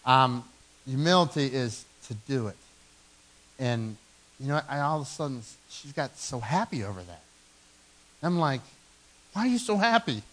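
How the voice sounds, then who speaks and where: A man in his forties preaching a sermon in a church, telling stories with animated, self-mocking humor. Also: medium pitch, poor audio. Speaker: pastor. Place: church sanctuary.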